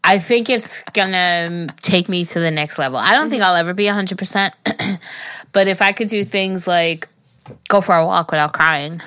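A woman's voice: on the low side, moderate pace, bright, forceful tone, clean tone, dry recording, clean studio sound. A middle-aged woman, tipsy and slurring slightly, talking candidly and emotionally as a podcast co-host. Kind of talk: casual chat.

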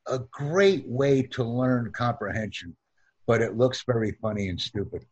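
A man teaching an online English lesson, speaking in slow, deliberate drills and repeating sentences for practice. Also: mid-range voice, darkish tone, breathy edge, lo-fi sound.

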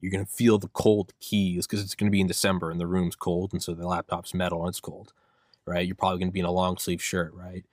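A man's voice: low-pitched, little pitch movement, quick pace, dry recording, clean studio sound. A young man hosting a solo podcast rant, rambling and swearing, acting out his own inner voice. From United States. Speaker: podcast host.

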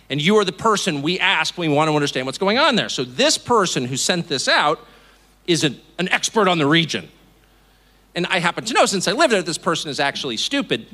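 Addressing a live audience in an event hall, a middle-aged TV host from the United States speaks emphatically and drops sardonic, mocking remarks. His voice leans high with a sharp tone.

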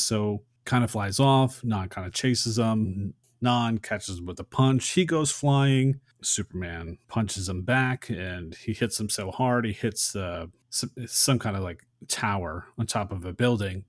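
A man's voice: lowish voice, a little slow, few pauses, dry recording, studio quality. A man in a casual podcast chat, animatedly recapping movie scenes and acting out short quotes. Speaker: podcast co-host. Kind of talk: casual film discussion.

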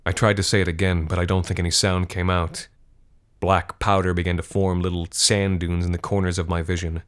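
A man reading a scripted horror story in a measured, grim manner. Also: low voice, level tone, clear, resonant tone.

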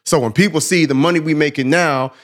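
A man co-hosting a podcast, telling a personal story in a casual, animated, slang-heavy way. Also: a little high, fast. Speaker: podcast co-host.

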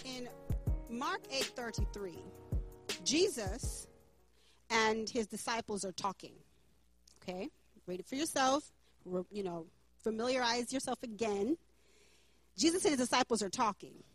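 A woman's voice: fairly high pitch, expressive, measured pace, pauses often, faint music behind. A woman preaching a sermon in an emphatic, playful way.

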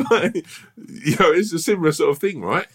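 A man's voice: fairly high pitch, very animated, moderate pace, slightly rough. A man co-hosting a podcast, telling stories in a casual chat. He laughs often and acts out bits of dialogue. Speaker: podcast co-host.

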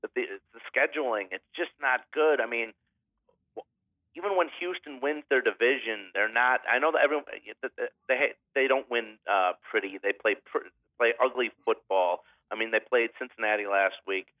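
A man's voice: medium pitch, moderate pace, no room sound. A man co-hosting a casual sports betting podcast, hesitant and full of fillers. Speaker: podcast co-host. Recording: phone-like line.

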